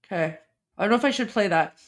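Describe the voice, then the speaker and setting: A woman's voice: medium pitch, animated, fast talker. A woman with an Iranian accent hosting a livestream, rambling and repeating herself as she comments on clips. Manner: rambling, repeats herself, keeps asking "right?". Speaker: livestream host. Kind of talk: casual live commentary.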